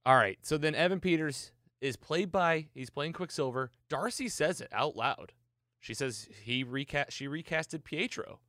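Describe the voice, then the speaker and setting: Excited man recapping, dry sound. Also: on the high side, measured pace, no echo. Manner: excited, animated storytelling. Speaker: podcast host recapping a TV episode. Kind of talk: casual podcast chat.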